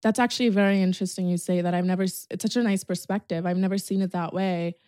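A woman's voice: lowish voice, steady tone, fast talker, dark tone, dry recording, studio quality. A woman in her twenties hosting a podcast, chatting casually and animatedly, swearing and laughing often. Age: 20s. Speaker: podcast host. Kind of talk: casual chat.

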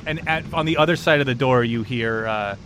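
Man, game master, tabletop narration, rambling, joking, mid pitch. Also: a little fast, fairly bright tone, a little hiss or hum.

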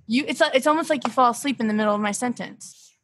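A woman's voice: a little high, fast talker, fairly bright tone. A young woman hosting a comedy podcast over a remote call, scolding and ditzy, often cracking herself up. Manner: ditzy, scolding, breaks into laughs. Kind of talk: improvised comedy bit.

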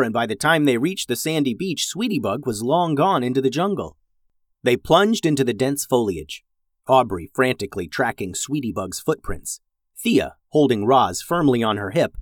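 Male storyteller, expressive and animated, close dry mic. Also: mid-range voice, no room sound. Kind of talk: storybook narration.

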